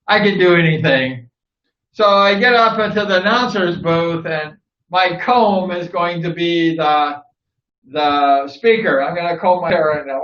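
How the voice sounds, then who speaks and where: Male host from Southern California, lively storyteller who laughs a lot; bright, forward tone in a roomy, muffled room. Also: a little high. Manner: animated, laughs often, acts out past dialogue. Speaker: host, former motorcycle racer. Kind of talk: casual storytelling to camera.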